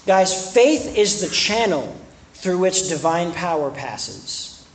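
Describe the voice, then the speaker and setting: A young man preaches a sermon to a campus ministry, speaking conversationally before building into emphatic points. His high-pitched voice is expressive and slow. The room is echoey, the mic distant, with faint noise.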